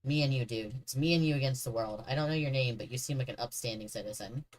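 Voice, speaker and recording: A man's voice: medium pitch, quick pace, low-quality recording. A man streaming a horror game, chatting casually and joking with the characters on screen. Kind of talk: casual gameplay commentary.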